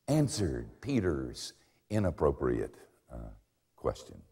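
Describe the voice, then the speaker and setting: An older man preaching a sermon in a large hall, his low voice carried by a long reverb. He swings from quiet asides to loud, lively bursts and slips in dry jokes at his own expense. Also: normal speed. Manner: dramatic preaching with big swings in pitch and volume; wry, self-mocking humor.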